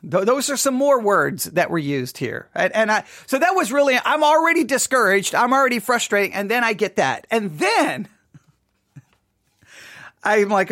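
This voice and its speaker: A man hosting his own podcast, telling a story in an animated, self-mocking way. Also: high voice, normal speed, dry recording, clean studio sound. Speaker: podcast host. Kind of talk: casual monologue. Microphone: studio mic.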